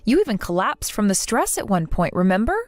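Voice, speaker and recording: A woman voicing a gentle middle-aged mother who talks in a soothing, reassuring way. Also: medium pitch, sing-song, brisk, no echo, natural voice. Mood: tender.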